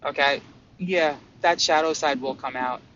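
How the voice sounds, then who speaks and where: Brief: man with a slightly raised voice, rambling and excitable, swearing and restarting mid-sentence; dull recording with a faint hum underneath. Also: fairly high pitch, unhurried. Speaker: spiritual vlogger. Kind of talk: casual monologue about spiritual experiences.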